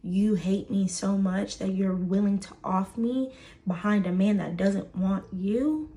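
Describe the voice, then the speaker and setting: A woman's voice: mid-range voice, dark tone. A woman telling a personal story to the camera, stressing points by repeating words. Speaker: storyteller in a shared clip.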